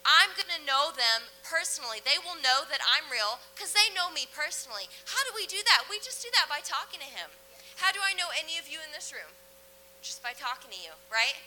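A woman's voice: sits high, very animated, fairly quick, bright, forceful tone, a little hiss or hum. A woman preaching a sermon in a church in a chatty, conversational way, often laughing between phrases.

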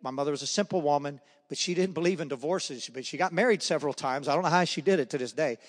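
A man's voice: on the high side, fast. A middle-aged man giving a personal testimony at a men's breakfast, telling stories and acting out voices. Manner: storytelling, acts out voices. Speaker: guest speaker. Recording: echoey hall.

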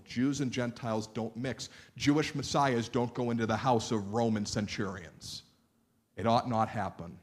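A man preaching a sermon, swinging between loud emphatic lines and quiet hushed ones, and explaining points like a teacher who checks in with his listeners. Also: mid-range voice. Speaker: pastor.

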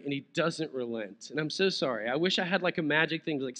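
A man's voice: on the high side, lively intonation, fairly quick, few pauses, fairly bright tone. A man preaching a sermon as pastor, conversational and playful, chuckling now and then.

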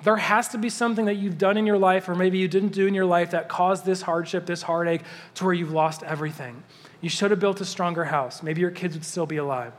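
High-voiced man preaching in a reverberant hall. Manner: conversational, animated, slows down to read scripture. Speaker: pastor. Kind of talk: sermon. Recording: long reverb of a large hall.

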